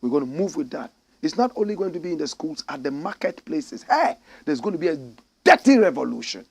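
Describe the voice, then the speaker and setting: Animated Ghanaian man with a croaky voice. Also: fairly high pitch, brisk. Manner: animated, bursts into loud exclamations. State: slightly croaky voice. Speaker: show host. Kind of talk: live-stream talk show, reading viewer messages. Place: studio in Accra.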